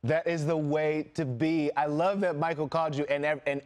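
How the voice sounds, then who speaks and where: A man's voice: fairly high pitch, steady tone, moderate pace. A man hosting an entertainment show, interviewing a guest over a video call in an enthusiastic, chummy way and laughing often.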